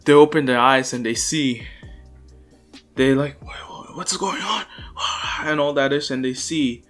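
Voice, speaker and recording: A man's voice: medium pitch, fairly bright tone. A young man casually narrating a fan story, rambling with lots of fillers and restarts. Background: faint lofi music.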